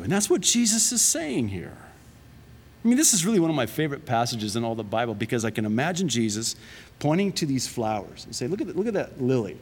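A man preaching a sermon in a lively, conversational way, often laughing at his own jokes. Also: mid-range voice, a little hiss or hum. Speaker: pastor. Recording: long reverb of a large hall.

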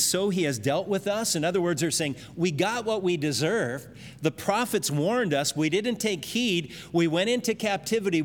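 A man's voice: fairly high pitch, in a large hall, slight background noise. A man preaching an expository sermon, earnestly explaining scripture verses with everyday examples.

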